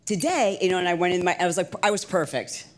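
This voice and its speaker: A middle-aged woman entrepreneur telling stories as an interview guest, lively and chatty with lots of "like" and restarts. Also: on the low side, very fast. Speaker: guest, entrepreneur and fitness instructor. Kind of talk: casual storytelling interview.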